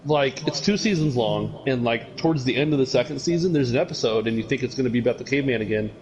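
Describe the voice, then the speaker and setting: A man's voice: mid-range voice, fast, muffled recording. A man streaming live, chatting casually and telling rambling, profanity-laced stories. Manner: rambling, profane, animated storytelling. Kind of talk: casual chat.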